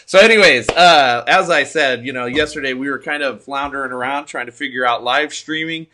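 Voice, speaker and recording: A man's voice: mid-range voice, fairly quick, bright, forceful tone, a little hiss or hum. A man, a pastor, chatting casually on a livestream and thinking aloud in a rambling, good-humored way.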